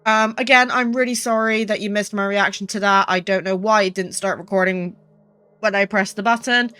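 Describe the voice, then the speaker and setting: A young woman doing chatty let's-play commentary, apologetic and quick to swear. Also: mid-range voice, fairly even intonation, bright, forceful tone, clear, resonant tone, no echo. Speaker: gaming youtuber. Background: game music.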